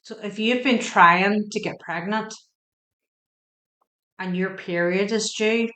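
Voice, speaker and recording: A woman's voice: medium pitch, steady tone, takes it slowly, bright, forceful tone, echoey room. A woman giving a tarot reading, chatty and emotional, asking the cards questions aloud as she turns them. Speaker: tarot reader. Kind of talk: spoken tarot card reading.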